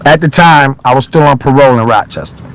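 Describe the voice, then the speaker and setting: A man ranting to his chat on a phone live stream, loud, heated and blunt, swearing freely. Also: medium pitch, fast, slight background noise, low-quality recording. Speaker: livestreamer. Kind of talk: livestream rant to chat.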